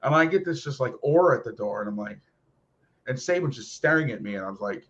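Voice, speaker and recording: A man's voice: mid-range voice, slight background noise. A man hosting a football talk show, ranting casually and profanely about coaching. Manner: animated, profane, fast ranting. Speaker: football podcast host and coach. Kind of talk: casual rant. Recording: lo-fi muffled audio.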